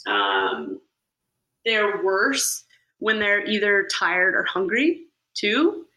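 A woman's voice: medium pitch, big pitch swings, very slow, bright, forceful tone, poor audio. A woman co-hosting a parenting podcast who chats casually and rambles, leaning on lots of "like" fillers. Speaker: podcast co-host. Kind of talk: casual chat.

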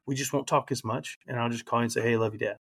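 A man's voice: mid-range voice, fairly even intonation, very fast, fairly bright tone, breathy edge. A man in his thirties speaks as a podcast guest, with an ordinary mid-range voice. He tells his own story candidly and reflectively, earnest and open, with feeling close to the surface. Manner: earnest, reflective, emotional at times.

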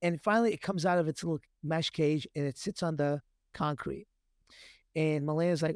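Podcast co-host, man, 30s, lively storyteller, somewhat high voice, dry close sound. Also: moderate pace, dry recording. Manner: animated storyteller, acts out his kids' voices. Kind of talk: casual chat.

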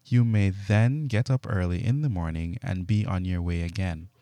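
An anxious man begs and pleads urgently, voiced by a male scripture reader. His voice is low and mellow, dry and close. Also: normal speed, no room sound, close to an everyday voice. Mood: begging. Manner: begging, urgent. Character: anxious begging male host.

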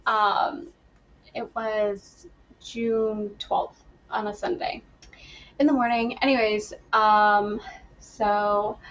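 Chatty young woman with a dull, lo-fi sound. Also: on the high side. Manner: chatty, laughs often, acts out her own past lines. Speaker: podcast guest. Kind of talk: casual storytelling.

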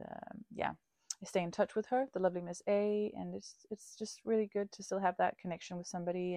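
Low, gravelly-voiced woman telling a story. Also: dark tone, dry recording, clean studio sound. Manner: candid and chatty, with many fillers. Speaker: podcast host. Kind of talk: casual personal storytelling.

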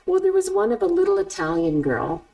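A middle-aged woman hosting a podcast in casual chat, animated and laughing often. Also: extremely high pitch, a little fast, creaky, recorded from a distance, poor audio. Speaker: podcast host and author.

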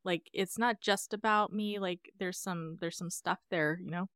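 A woman talking through a character's choices in relaxed podcast chat, thoughtful with a wry edge. She sits close to the mic in a dry, dead sound with no echo. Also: fairly low pitch, a little slow, clear, resonant tone. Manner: reflective, analytical, wry, with frequent laughs. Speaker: podcast co-host. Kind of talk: casual chat analyzing a TV episode.

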